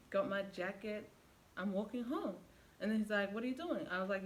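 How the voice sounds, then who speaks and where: A woman's voice: medium pitch, normal speed, low-quality recording. A young woman vlogger retelling a past relationship as a casual story, acting out quoted lines with lots of fillers. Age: young adult. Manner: animated retelling with quoted dialogue, many fillers. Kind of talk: storytime vlog.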